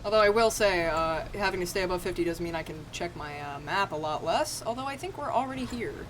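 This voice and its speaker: Fairly low in pitch yet lively in intonation, an American woman talks fairly quickly while streaming a game, joking at her own expense. She swears freely, chats casually with viewers and laughs often, and the audio carries a little hiss or hum.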